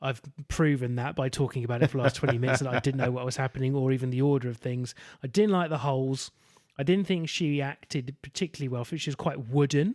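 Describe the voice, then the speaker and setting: A man's voice: mid-range voice, quick pace, a little mellow. Candid, chatty podcast co-host man. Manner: candid, self-deprecating, chatty. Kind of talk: casual film discussion.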